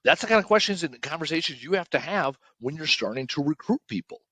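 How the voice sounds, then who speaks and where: A man's voice: a little high, expressive, quick pace, bright, forceful tone, no echo. A man talking casually as a podcast guest, blunt and emphatic, swearing and tagging lines with "right?".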